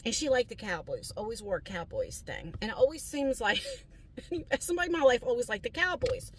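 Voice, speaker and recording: A woman's voice: a little high, animated, a little fast, breathy edge, poor audio. Chatty middle-aged woman vlogging. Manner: chatty, rambling, confiding, many fillers. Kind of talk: casual vlog chat to camera. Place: car, then store aisles.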